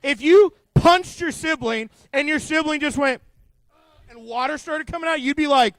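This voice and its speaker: High-voiced playful youth pastor. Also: male voice, moderate pace, no room sound. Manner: playful and joking, quizzing the kids; animated, full of asides. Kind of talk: youth group Bible lesson.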